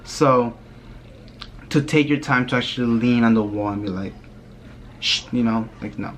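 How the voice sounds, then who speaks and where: A young man vlogger telling a spooky story in a casual, rambling way, often dropping his voice low and filling with "like". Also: moderate pace, slight background noise. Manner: rambling, hushed telling with many "like" fillers.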